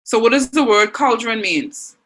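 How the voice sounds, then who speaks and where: A woman's voice: on the high side, expressive, normal speed, a bit bright, rough recording. Encouraging Bahamian woman teaching online. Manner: encouraging, reads out student answers. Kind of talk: online class lesson.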